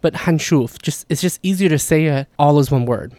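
A man who is not a native Arabic speaker explains grammar in a relaxed, chatty teaching style, full of asides. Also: on the high side, moderate pace, dry recording. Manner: relaxed, chatty, frequent "like" and "you know" asides. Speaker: language teacher. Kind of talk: casual explanatory lesson.

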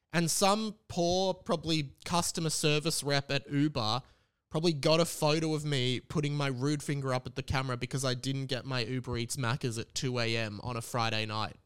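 An Australian man in his late twenties telling a casual, rambling story as a podcast host. He is animated and swears freely. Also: a little high, a little fast, clear, resonant tone. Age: late 20s.

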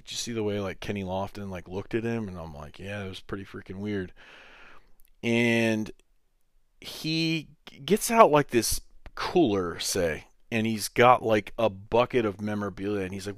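A man with a fairly low voice tells a casual story for his podcast. He gets animated and jumps up in pitch when he quotes other people. The sound is dry and close, with no room echo. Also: unhurried. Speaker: podcast host.

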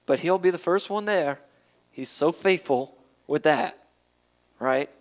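A man preaching a casual, conversational sermon, moving between quiet asides and loud, emphatic passages. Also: fairly high pitch, slow pace, pauses often. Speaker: pastor.

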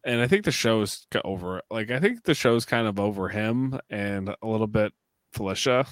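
A man's voice: lowish voice, animated, moderate pace, dry recording, clean studio sound. A man co-hosting a podcast, giving rambling, opinionated takes in casual chat. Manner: opinionated, rambling with many fillers. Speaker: podcast co-host.

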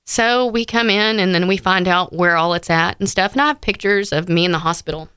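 Woman, thirties, bright voice, dry close sound, heartfelt storytelling. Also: fairly low pitch, fairly quick, clear, resonant tone, no room sound. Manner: heartfelt storytelling, frequent fillers. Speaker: interview guest. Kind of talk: personal story in conversation.

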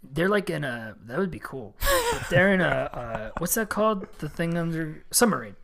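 A man co-hosting a podcast, rambling through his thoughts with plenty of fillers. His voice sits slightly higher than most men's. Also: big pitch swings, moderate pace, gravelly, crowd noise. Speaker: podcast co-host. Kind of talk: casual chat.

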